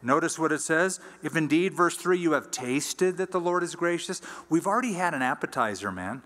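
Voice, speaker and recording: A man preaching a sermon as pastor, teaching in a conversational way and reading scripture aloud slowly. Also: fairly high pitch, animated, a bit bright, in a large hall. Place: church sanctuary.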